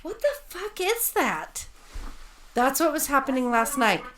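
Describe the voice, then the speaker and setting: A woman co-hosting a casual podcast chat, excitable and rambling, swearing freely as she tells stories. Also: sits high, a little slow, very noisy. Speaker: podcast co-host.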